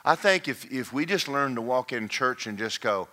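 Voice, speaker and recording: A male pastor preaching a sermon, swinging from folksy joking asides to shouted, singsong climaxes. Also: mid-range voice, lively intonation, moderate pace.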